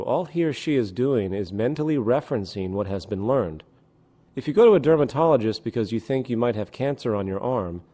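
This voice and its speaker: A man giving scripted documentary narration, explaining ideas in a measured, deliberate way. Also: medium pitch, mellow.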